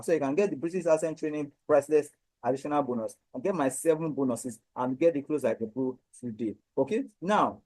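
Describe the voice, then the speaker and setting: A man with a Nigerian accent giving a repetitive, emphatic sales pitch for his coaching program. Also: warm tone, dry recording, low-quality recording. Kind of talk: direct-to-camera sales pitch.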